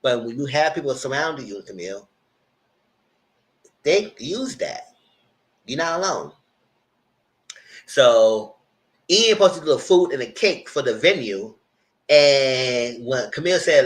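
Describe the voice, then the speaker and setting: A man's voice: medium pitch, lively intonation, unhurried, long pauses, fairly bright tone, poor audio. A man hosting a live TV review, recapping episodes in a chatty, rambling way. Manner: chatty, rambling, slips into character voices. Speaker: TV review host. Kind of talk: casual TV recap commentary.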